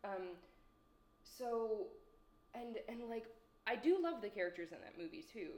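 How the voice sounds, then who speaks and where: A woman's voice: a little high, measured pace, a little mellow. A woman giving a casual spoken film review at home, rambling and hesitant with lots of fillers and restarts. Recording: echoey room.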